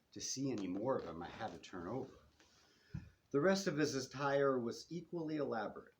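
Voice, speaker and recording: A man, the author, reading his first-person novel aloud in a bookstore with measured storytelling and shifting pace. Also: lowish voice, a little mellow, a little hiss or hum.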